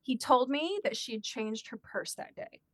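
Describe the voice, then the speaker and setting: In a casual chat, a woman recounts a personal story with animation, acting out the voices of the people in it. Her voice sits on the high side at a moderate pace. The sound is clean studio quality with no room sound.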